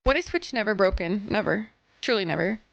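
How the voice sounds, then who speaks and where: A woman's voice: mid-range voice, animated, brisk, creaky, no room sound, muffled recording. A young woman streaming a game and chatting with viewers, bubbly and apologetic, swearing freely and sniffling from sinus trouble. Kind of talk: casual live-stream chat.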